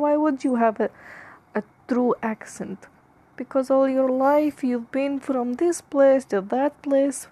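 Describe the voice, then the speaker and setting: A woman's voice: high voice, a little mellow. Woman in a theatrical put-on accent. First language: Punjabi. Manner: musing, drifting between jokes and philosophy. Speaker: podcast host. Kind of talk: rambling comic monologue.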